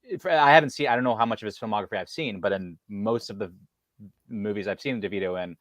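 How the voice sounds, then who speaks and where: A man's voice: lowish voice, fast, a bit bright, dry recording, clean studio sound. A man co-hosting a casual film discussion, talking with many fillers and restarts. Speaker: podcast co-host.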